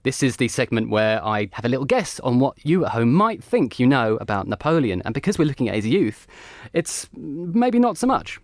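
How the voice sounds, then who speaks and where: A man hosting a history discussion with a lively, swinging delivery and a playful, questioning manner. His voice sits in a middle register and is recorded close and dry in the studio. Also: mid-range voice, normal speed, hardly any pauses, no room sound. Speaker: host. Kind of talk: history podcast chat.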